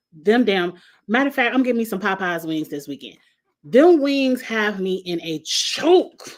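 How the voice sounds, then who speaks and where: A woman's voice: mid-range voice, sing-song, measured pace, pauses often. A middle-aged woman recapping a reality show in casual chat, blunt and sassy, laughing at her own jokes.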